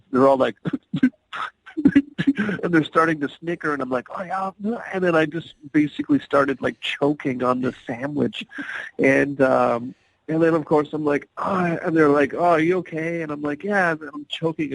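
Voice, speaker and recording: A man who is an actor guest on a podcast, telling stories in a relaxed, casual way and often laughing. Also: fairly high pitch, creaky, no echo, low-quality recording. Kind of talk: casual interview storytelling.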